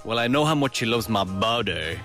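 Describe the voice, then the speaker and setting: A man's voice: fairly low pitch, animated, a little fast, music in the background. A man with an Irish Mayo accent, a radio presenter co-hosting a podcast, trading teasing, mock-indignant banter.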